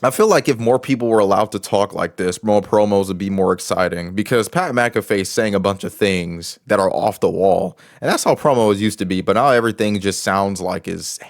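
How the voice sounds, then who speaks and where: A man's voice: on the low side, a little fast, few pauses, no echo, clean studio sound. A man giving casual commentary as a wrestling show reviewer, rambling with many restarts and fillers.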